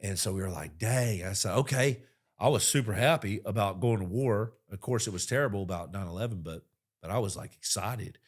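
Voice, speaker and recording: Man in his 40s, lowish voice, veteran podcast guest, casual profane storytelling, animated. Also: a little fast. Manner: animated, profane, swings to loud emphasis.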